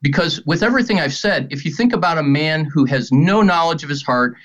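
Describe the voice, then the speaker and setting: Middle-aged man teaching with animated stories. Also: fairly high pitch, a little fast. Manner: animated storytelling with acted-out quotes. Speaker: ministry guest speaker. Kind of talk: earnest spoken teaching on faith. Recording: dull lo-fi sound.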